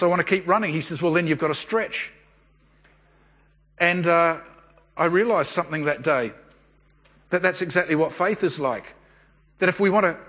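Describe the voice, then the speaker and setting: Male pastor, conversational sermon, slightly husky voice, reverberant church hall. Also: high-pitched, pushed and bright. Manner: conversational storytelling preacher.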